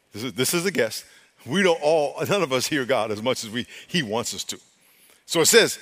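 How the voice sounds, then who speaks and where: A male pastor preaches in a rather high voice, rising into loud, emphatic bursts and dropping to hushed, intimate talk. He often restarts and repeats his phrases. His voice carries a long reverb, as in a large church hall. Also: sing-song, normal speed. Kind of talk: sermon.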